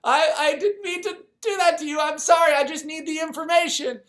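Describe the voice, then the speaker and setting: A storyteller voicing a panicked young male sniper who pleads in a frantic, near-shouting voice. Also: mid-range voice, lively intonation, fairly quick, voice pushed up, natural voice.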